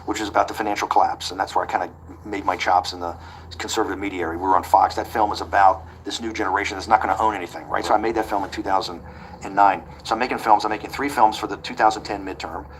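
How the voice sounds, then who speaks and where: A man being interviewed, telling a long anecdote quickly and acting out the quoted back-and-forth. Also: fairly low pitch, steady tone, fairly bright tone, a little hiss or hum, poor audio. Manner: rapid anecdotal delivery that acts out quoted dialogue. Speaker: interview guest. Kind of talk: storytelling in a conversational interview.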